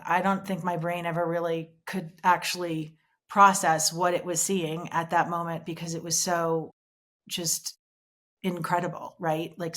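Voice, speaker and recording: A middle-aged woman, an interview guest, recounting a painful personal memory in a halting way with many pauses and restarts over a remote call. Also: lowish voice, fairly bright tone. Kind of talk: emotional personal recollection.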